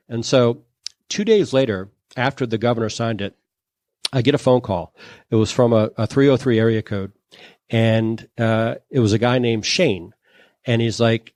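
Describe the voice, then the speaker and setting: A man being interviewed, telling a story in a lively, conversational way and acting out the people he quotes. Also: fairly low pitch, normal speed, no room sound, studio quality. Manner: animated, acts out quoted dialogue. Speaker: interview guest. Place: recording studio. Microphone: studio microphone.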